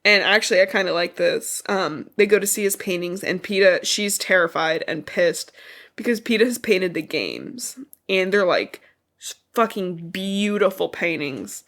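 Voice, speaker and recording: A woman's voice: lowish voice, expressive, moderate pace, a bit bright. A woman with a stuffy, congested voice, recapping a book for a podcast in a rambling way, swearing often. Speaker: podcast co-host. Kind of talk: casual book recap chat.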